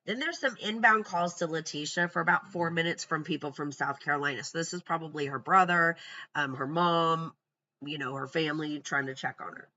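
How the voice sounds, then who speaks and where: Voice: mid-range voice, a little fast, pushed and bright, muffled recording. A true crime commentator going through a timeline from notes in casual talk, blunt and scornful, with profane asides.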